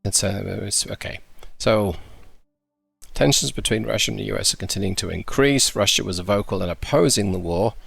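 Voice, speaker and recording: A man's voice: lowish voice, normal speed, vocal fry, fairly bright tone, slightly rough, no echo. A man commenting on a game, reading briefings aloud and adding dry, sarcastic asides. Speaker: gaming YouTuber. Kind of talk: casual gameplay commentary.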